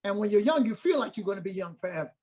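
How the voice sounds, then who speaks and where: In a casual interview, a middle-aged martial arts master hammers his points through repetition and often asks "okay?" to make sure he's being followed. His voice is high, husky, slightly breathy and a little mellow, with lively intonation and a very fast pace, on poor-quality audio.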